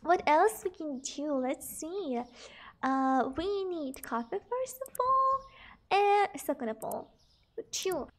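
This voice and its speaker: A woman's voice: high-pitched, animated, takes it slowly. A young woman streaming a game, chatting casually, greeting viewers with giggles and reading out prices as she plays. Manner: bubbly, giggly, greets chat and reads numbers aloud. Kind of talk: casual live-stream chat while gaming.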